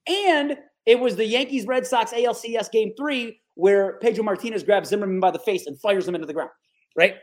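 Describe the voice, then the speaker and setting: Animated storyteller, man in his forties. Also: sits high, a little fast. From Capital Region of New York. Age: 40s. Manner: animated, lively storyteller who acts out the people he quotes. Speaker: guest. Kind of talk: casual interview storytelling.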